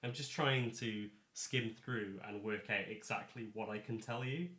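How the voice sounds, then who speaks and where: A man's voice: lowish voice, measured pace, bright, forceful tone. A man acting as dungeon master in a casual, rambling chat while preparing a tabletop game. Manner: rambling, self-correcting, chatty. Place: home. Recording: echoey room.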